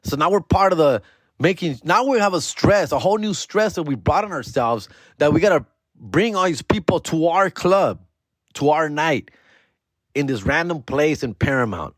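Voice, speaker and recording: A man telling a profane comedy story on his podcast, dropping Spanish words and doing other people in high voices. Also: animated, moderate pace, no room sound, studio quality. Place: podcast studio.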